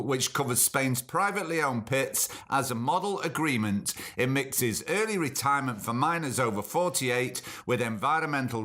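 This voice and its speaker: A man's voice: mid-range voice, bright, forceful tone. Opinionated man hosting a podcast. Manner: opinionated, indignant rhetorical asides. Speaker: podcast host. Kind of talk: podcast news commentary.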